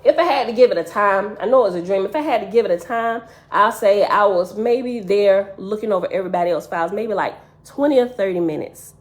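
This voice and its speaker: A woman's voice: medium pitch, brisk, few pauses. Woman telling her dream story to viewers, earnest, gets emotional, talks right to them. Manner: earnest, wells up with emotion, addresses listeners directly.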